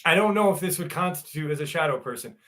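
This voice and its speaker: A man's voice: a little high, expressive, quick pace, bright, forceful tone. A man hosting a casual live stream, reading viewer messages aloud and chatting back in a loose, rambling way.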